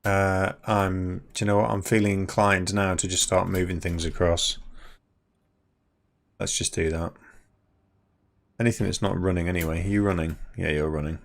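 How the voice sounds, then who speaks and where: A man's voice: low-pitched, flat delivery, normal speed, vocal fry, pauses often. A man streaming a game, thinking aloud and chatting to the machines he builds. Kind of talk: casual gameplay commentary.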